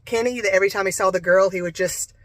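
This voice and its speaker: A woman's voice: mid-range voice, steady tone, fast talker, no echo. A young woman from North Carolina, a van-life vlogger, rambling candidly through a personal story. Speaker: travel vlogger. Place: living in a camper van.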